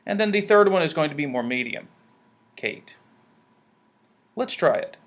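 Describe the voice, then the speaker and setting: A man's voice: a little high, animated, fast. A man demonstrating word stress in a pronunciation lesson, drawing out example words. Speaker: ESL pronunciation teacher. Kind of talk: instructional narration.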